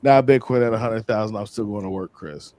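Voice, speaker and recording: A man being interviewed, telling casual stories in a slangy, animated way and acting out other people's lines. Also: fairly low pitch, a little fast, a little hiss or hum. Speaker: interview guest. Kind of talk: casual storytelling.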